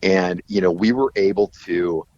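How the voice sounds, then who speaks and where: A middle-aged man, a guest musician, telling stories in a casual, animated, profane way. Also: low-pitched, normal speed. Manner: animated, profane, acts out quoted voices. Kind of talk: casual storytelling interview. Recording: dull lo-fi audio.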